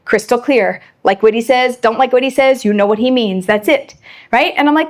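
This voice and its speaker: A woman giving a lively Torah lecture, acting out bits of quoted dialogue as she explains. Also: on the high side, moderate pace. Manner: animated, acts out quoted dialogue.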